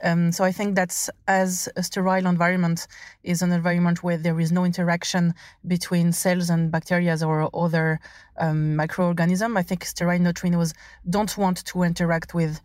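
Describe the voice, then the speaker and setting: Flat-toned hesitant woman, dry recording. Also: lowish voice, normal speed, no room sound. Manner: hesitant, thinking aloud with ums. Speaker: listener answering a question. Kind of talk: short recorded answer.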